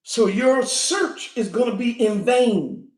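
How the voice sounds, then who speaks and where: A woman preaching a fiery sermon, animated, often shouting and breaking into laughter. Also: fairly high pitch, slow pace. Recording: echoey room.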